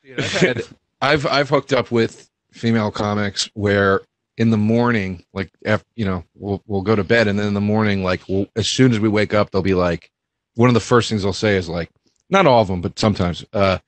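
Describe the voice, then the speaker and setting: A man's voice: lowish voice, normal speed, no echo. A man who is a comedian guest on a casual comedy podcast, talking in a laid-back, wry way.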